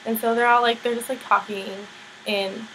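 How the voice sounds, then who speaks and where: A woman's voice: fairly high pitch, level tone, moderate pace, pushed and bright, a little hiss or hum, low-quality recording. Chatty young-sounding woman recapping a show. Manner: rambling, filler-heavy, chatty; blunt, opinionated asides. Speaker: TV episode recapper. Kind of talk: casual plot recap.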